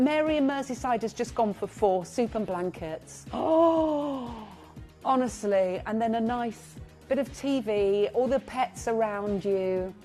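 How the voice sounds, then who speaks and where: A woman presenting live shopping TV, chatty and gushing as she reads out buyers' names, now and then clearing her throat. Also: medium pitch, a little mellow. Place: TV studio.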